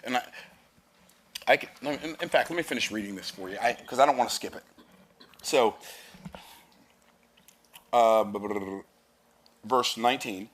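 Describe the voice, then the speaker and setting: A man's voice: medium pitch, normal speed, long pauses. A man preaching a sermon, reading scripture aloud and explaining it with emphatic, rising declarations.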